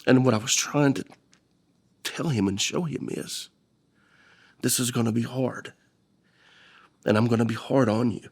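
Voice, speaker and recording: A man's voice: medium pitch, measured pace, long pauses, husky. A middle-aged man with an Oklahoma accent, speaking earnestly and with emotion in a documentary interview, often repeating words. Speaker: stepfather of the deceased.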